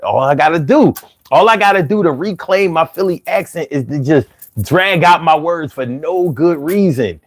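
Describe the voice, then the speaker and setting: Animated Philadelphia man chatting casually. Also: fairly high pitch, normal speed. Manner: loose and animated, drawls words out when joking. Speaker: live stream host. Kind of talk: casual live-stream chat.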